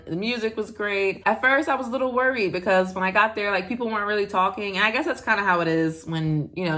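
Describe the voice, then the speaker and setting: A woman's voice: on the low side, fairly bright tone. A young American woman from the United States, narrating a casual travel vlog in a chatty way with frequent fillers and little laughs. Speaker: vlogger.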